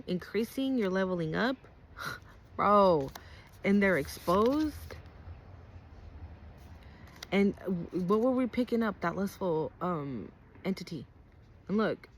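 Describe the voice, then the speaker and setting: Brief: woman, tarot reader, casual and blunt, heavy swearing, middle pitch, slight background hiss. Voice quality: blunt and profane, emphatic repetition, frequent "okay?". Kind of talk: casual spoken tarot reading to viewers.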